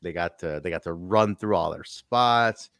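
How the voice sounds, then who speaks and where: A man co-hosting a casual podcast that reviews wrestling shows. He talks in an animated way, swears freely and acts out quotes. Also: low voice, a little slow, vocal fry, clear, resonant tone, no echo, clean studio sound. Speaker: podcast co-host.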